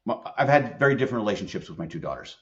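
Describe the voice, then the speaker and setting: A man's voice: on the low side, sing-song, racing, a bit bright, highs cut off. A middle-aged man, an employment attorney and leadership expert, talking as a podcast guest, emphatic and earnest as he tells stories. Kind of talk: conversational podcast interview.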